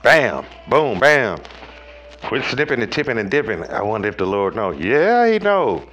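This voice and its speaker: A man giving a preachy tarot reading in a slangy, profane way, talking straight to viewers and swinging between loud highs and low murmurs. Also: very animated, moderate pace, dull audio, soft background music. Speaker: tarot reader.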